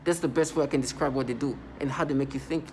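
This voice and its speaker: A man talking in a casual vlog monologue, rambling and halting, with many restarts and stammered repeats. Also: medium pitch, steady tone, a little mellow, a little hiss or hum. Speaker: vlogger.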